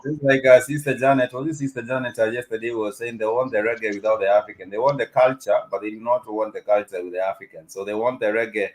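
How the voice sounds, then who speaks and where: A man's voice: on the low side, fairly even intonation, fast, hardly any pauses, rough recording. A man giving casual news commentary, hesitant, with many fillers and restarts. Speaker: co-host. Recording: clear background noise.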